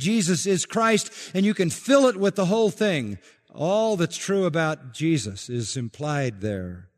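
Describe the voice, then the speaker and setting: A man preaching an expository sermon as pastor, emphatic, repeating key phrases and slowing down to stress them. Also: fairly high pitch, a little mellow, big-room sound.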